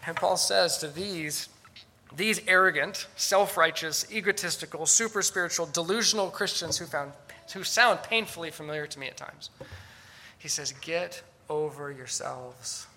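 A man's voice: sits high, moderate pace, bright, forceful tone, a little hiss or hum. A man preaching a sermon, dramatic and sarcastic at times, acting out the voices he quotes. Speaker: pastor.

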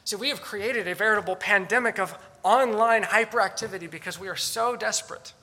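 Bright, high-voiced male preacher. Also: fairly quick, few pauses. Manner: earnest, emphatic, with rhetorical questions. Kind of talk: sermon.

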